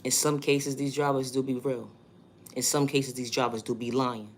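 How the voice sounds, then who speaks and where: A man with a New York accent delivers a monologue vlog, his mid-range voice level in tone and moderate in pace, with a little hiss or hum in the background. He speaks emphatically and repetitively, posing rhetorical questions.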